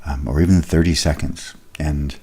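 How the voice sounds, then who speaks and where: A man's voice: very deep voice, fairly even intonation, moderate pace, dark tone, husky. A man giving a recorded leadership lesson, explaining exercises in a conversational way with occasional fillers. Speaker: leadership trainer.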